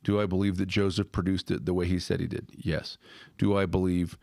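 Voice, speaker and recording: Low-voiced man musing aloud, dry sound. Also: flat delivery, a little fast, gravelly, darkish tone, dry recording. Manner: thinks aloud with restarts, frequent "right?". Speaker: podcast host. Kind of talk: casual conversational discussion.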